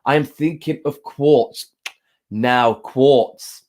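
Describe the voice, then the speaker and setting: A man with a mid-range voice hosts a relaxed live stream, chatting gently and reading cards. He pauses a lot, uses plenty of fillers, and greets viewers by name.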